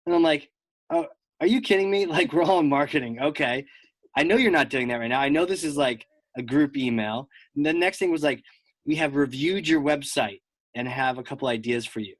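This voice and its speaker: A man hosting a podcast, chatting casually and telling lively stories with plenty of fillers. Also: medium pitch, brisk, no room sound. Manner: animated storyteller, lots of fillers. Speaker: podcast host. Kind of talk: casual conversation.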